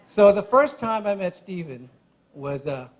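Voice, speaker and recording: Best man, male, high-pitched, casual and giggly, emotional wedding toast at a reception. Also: muffled recording. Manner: chatty, laughs often through his stories; admits he gets emotional.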